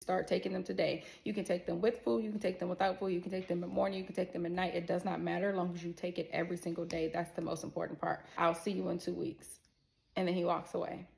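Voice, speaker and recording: A young adult woman telling a personal story in a casual, animated way, blunt and swearing, talking straight to her viewers. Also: on the low side, quick pace, creaky. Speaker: storyteller vlogger.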